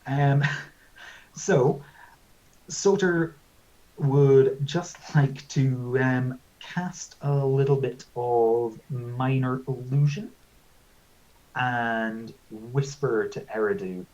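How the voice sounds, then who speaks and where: A man's voice: medium pitch, extremely slow, darkish tone. A man taking part in a tabletop role-playing game, joking and laughing at his own lines as he plays his character. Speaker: player. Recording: dull lo-fi audio.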